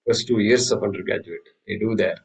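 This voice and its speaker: A man teaching a scripture class, telling stories with many restarts and reciting Sanskrit verses slowly. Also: fairly low pitch, creaky, slightly rough, low-quality recording. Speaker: Vedanta teacher. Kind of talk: spiritual class lecture.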